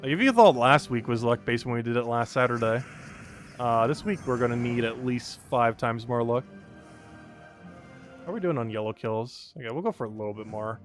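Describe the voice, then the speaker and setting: A man's voice: medium pitch, brisk. Chatty male game streamer, music behind. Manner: chatty, laughs often, greets chat viewers. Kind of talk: casual live-stream commentary.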